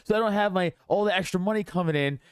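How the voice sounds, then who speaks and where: A man's voice: high-pitched, fast, smooth, no room sound. A young man co-hosting a podcast, telling a story in casual chat, acting out quoted voices and laughing often. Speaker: podcast co-host.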